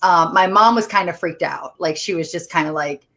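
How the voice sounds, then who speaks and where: A woman's voice: on the low side, normal speed, fairly bright tone. A woman co-hosting a podcast, chatting casually and quoting people as she goes. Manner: chatty, many fillers and quoted asides. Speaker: podcast co-host. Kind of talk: casual chat.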